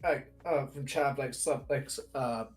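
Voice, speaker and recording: A man's voice: medium pitch, a little slow, faint music behind. A man with a Bristolian accent co-hosting a casual chat, rambling and restarting often. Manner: rambling, many restarts and fillers. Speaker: co-host.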